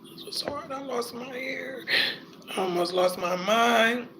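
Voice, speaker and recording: Male vlogger, high pitch, unhurried delivery, heartfelt and tearful. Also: background noise. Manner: tearful, heartfelt, casual slang. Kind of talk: emotional reaction vlog.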